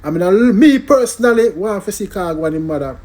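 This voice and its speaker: A man with a Jamaican accent hosting a casual music commentary vlog in an animated way, tagging his lines with "you know" and "big up". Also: high voice, fairly quick.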